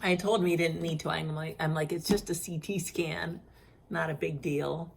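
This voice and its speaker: A woman's voice: sits low, normal speed, gravelly. A middle-aged woman telling a frustrating story in a casual vlog. She is worn out from crying and acts out the other people's lines as she goes. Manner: animated, acts out others' lines in quoted voices. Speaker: vlogger sharing her cancer journey.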